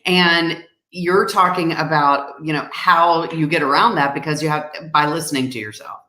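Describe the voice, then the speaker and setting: A woman's voice: low-pitched, steady tone, normal speed, bright, forceful tone, reverberant. A woman hosting a live online interview, affirming her guest with enthusiastic reactions. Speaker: interview host.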